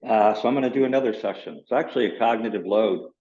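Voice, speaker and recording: A man hosting his own channel in a casual, rambling vlog talk, still in his morning voice and clearing his throat. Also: fairly low pitch, fast, mellow. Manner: rambling, loosely explaining. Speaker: channel host. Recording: roomy, dull lo-fi sound.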